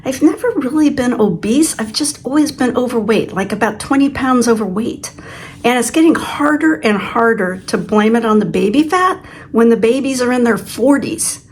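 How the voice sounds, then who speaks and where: A woman in her sixties runs her own vlog and chats through a personal story, poking fun at herself. Her voice is fairly high and expressive, moving at a moderate pace.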